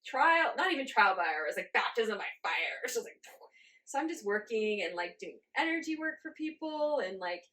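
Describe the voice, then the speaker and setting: A woman in her forties, a guest in an interview, telling her story in a lively way, laughing often and acting out her own reactions. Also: fairly high pitch, normal speed. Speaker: guest channeler.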